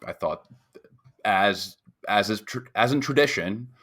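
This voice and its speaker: A man's voice: lowish voice, lively intonation, measured pace. A young man from New York, a podcast co-host, telling a rambling story in casual chat and acting out other people's voices. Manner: rambling storytelling with loud mimicked voices and swearing.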